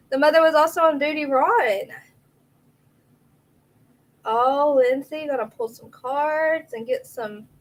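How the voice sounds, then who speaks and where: A woman's voice: sits high, rough recording. A woman, hosting a casual livestream, chatty and reacting aloud to viewer comments, a little out of breath. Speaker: livestream host.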